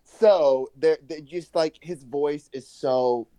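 A man in his forties co-hosting a casual gossip podcast, animated and quick to laugh, with playful slang. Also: on the high side, smooth, no room sound. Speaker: podcast co-host.

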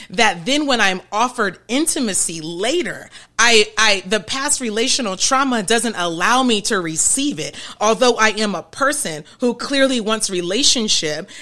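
A woman hosting a podcast, explaining ideas in a chatty, animated way and often checking in with her listeners. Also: fairly high pitch. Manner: chatty, keeps checking in with "okay?" and "right?"; animated, laughs between points. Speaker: podcast host. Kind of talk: casual explanatory podcast talk.

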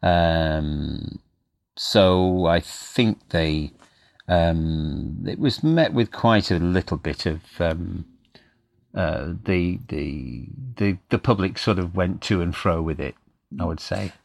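A man, a guest actor, reminiscing in a podcast interview in a halting, stop-start way. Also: low voice, gravelly. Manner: halting, full of restarts.

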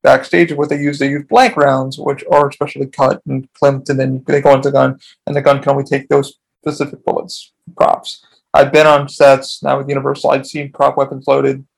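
A man's voice: mid-range voice, little pitch movement, moderate pace, gravelly, husky. A man hosting his own podcast, telling a long story in a casual, rambling way with lots of swearing. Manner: profane, rambling, frequent restarts. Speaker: podcast host.

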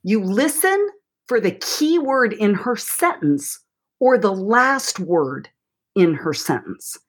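Brief: woman therapist, husky voice, lively coaching chat on a podcast. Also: medium pitch, slow pace. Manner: chatty, animated, coaching tone. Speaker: therapist and author, guest. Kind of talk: advice-giving podcast interview. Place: Portland, Oregon.

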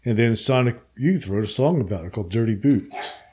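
A man's voice: medium pitch, lively intonation, brisk, a little mellow, breathy edge. An older man chatting casually and laid-back about past concerts, often with short replies. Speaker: punk fan in conversation. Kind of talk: casual chat.

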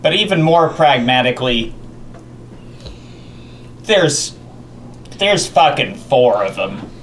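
A man's voice: medium pitch, very animated, slow pace, slight background noise. Blunt swearing man player. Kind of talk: casual tabletop game chat.

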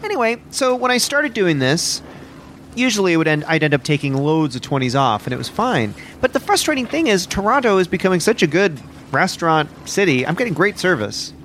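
A man's voice: high voice, very animated, brisk, fairly bright tone, a little hiss or hum. A man co-hosting a comedic podcast outdoors on a boat deck, brash, boastful and tipsy. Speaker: podcast co-host.

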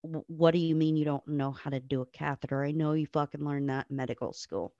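A woman's voice: low voice, fairly even intonation, brisk, mellow, no echo, muffled recording. A nurse, a woman guest on a podcast, telling blunt stories full of swearing and acting out the people she quotes. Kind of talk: casual storytelling on a podcast.

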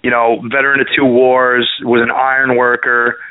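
A man from Canada, a co-host on a radio talk show, telling a family story in a wry, unhurried way. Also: medium pitch, level tone, clean tone, no room sound. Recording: phone-like narrow sound, dry.

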